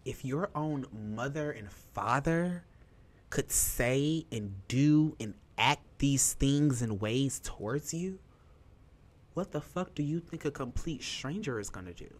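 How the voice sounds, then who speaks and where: A young adult podcast host with a medium-pitched, expressive voice speaks slowly while telling a personal story. Candid, emphatic and profane, the delivery is heavy on fillers, emotional, and on the verge of tears.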